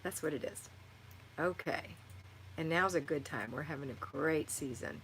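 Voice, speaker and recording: A woman's voice: low voice, lively intonation, normal speed, creaky, fairly bright tone, slight background noise, rough recording. A middle-aged woman hosting a live stream, reading viewer comments aloud and giving encouraging, motherly advice. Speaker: livestream host answering viewer chat.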